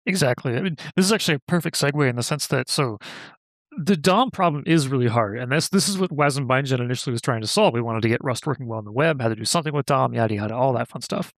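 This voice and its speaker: Gravelly-voiced man explaining tech. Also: medium pitch, animated, quick pace, no room sound. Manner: thinks aloud, lots of "like" and self-corrections. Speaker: guest software engineer. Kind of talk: conversational technical explanation.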